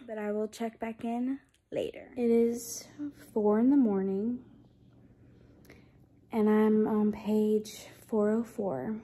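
A sleepy young woman talks to her camera at home, unhurried and a little self-mocking. Her voice sits fairly high, with a husky, breathy edge. She drags through her words with tired, drawling slowness. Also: warm tone. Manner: chatty, self-deprecating. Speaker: vlogger. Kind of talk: casual vlog chat.

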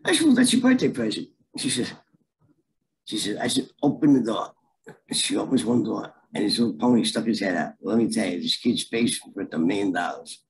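A man's voice: on the low side, a little fast, a little hiss or hum, rough recording. A middle-aged man telling a story in a casual, streetwise way and acting out the voices in it. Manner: animated, streetwise, acts out voices in his stories. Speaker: storyteller guest.

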